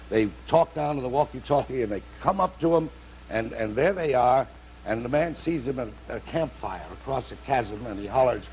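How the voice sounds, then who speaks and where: A man's voice: mid-range voice, darkish tone, slight background noise, poor audio. A man telling rambling jokes on a vintage TV talk show, with fillers between phrases. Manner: rambling with fillers, breaking into laughs. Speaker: comedian guest.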